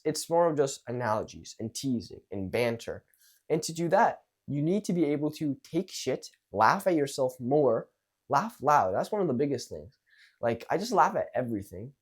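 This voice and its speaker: A man's voice: medium pitch, a little mellow. A young man coaching on social skills in a casual monologue, acting out example lines in jumpy voices and swearing casually.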